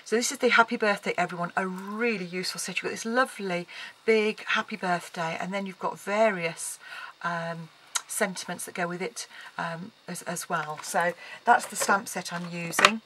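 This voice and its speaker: A woman's voice: on the low side, moderate pace, rough recording. A woman explaining a card-making project in a casual tutorial, chatting as she works with frequent ums. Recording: loud background noise.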